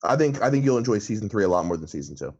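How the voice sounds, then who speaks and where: Man, podcast co-host, casual rambling chat, restarts sentences, lower voice, muffled lo-fi call. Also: big pitch swings, rapid-fire, darkish tone, husky. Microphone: remote call mic. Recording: lo-fi online call audio.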